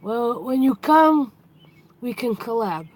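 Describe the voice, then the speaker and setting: A woman's voice: a little high, lively intonation, takes it slowly, darkish tone, poor audio. A woman hosting a casual live stream, chatty, greeting and thanking her viewers as they come in.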